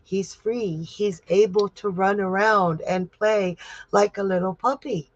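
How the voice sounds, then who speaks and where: Gentle lady psychic doing tarot on a stream, talks real slow, dry close mic, kinda dull sound. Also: mid-range voice, steady tone, no room sound. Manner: gentle, soothing, comforting. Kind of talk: livestream reading viewer comments.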